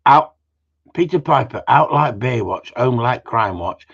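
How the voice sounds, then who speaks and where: Expressive and a little slow, this man's mid-range voice is husky and a bit bright, with vocal fry. He hosts a casual live-stream Q and A, rambling and joking, swearing liberally, and adding tag questions. The recording sounds muffled and lo-fi.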